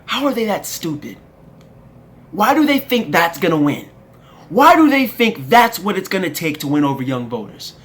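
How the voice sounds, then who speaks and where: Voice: mid-range voice, sing-song, moderate pace, fairly bright tone. A young adult political commentator delivering an angry, profane rant, addressing the listener directly and with strong emphasis.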